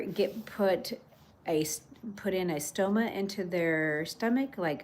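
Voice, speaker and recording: Chatty low-voiced woman livestreaming. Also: darkish tone, a little hiss or hum. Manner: chatty, rambling, many fillers and restarts. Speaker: livestream host. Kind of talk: casual livestream chat reading comments.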